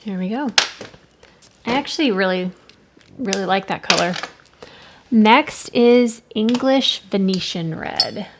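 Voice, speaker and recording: Expressive and mid-range, the woman's voice comes at a slow pace with long pauses. She hosts an art channel and talks casually while swatching watercolors at her desk, musing, rambling a little and self-correcting. The recording has faint background noise with clicks.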